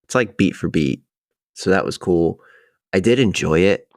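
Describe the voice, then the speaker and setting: Deep-voiced laid-back man co-host. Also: moderate pace, no room sound, studio quality. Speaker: podcast co-host. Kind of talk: casual chat.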